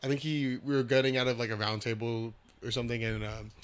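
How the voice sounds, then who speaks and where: A young man co-hosting a laid-back podcast. He talks hesitantly, stacking fillers, and gets excitable as his story builds, in a middle-pitched voice. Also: quick pace, clear, resonant tone. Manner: hesitant, full of fillers, excitable when recounting. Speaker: podcast co-host. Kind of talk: casual chat, storytelling.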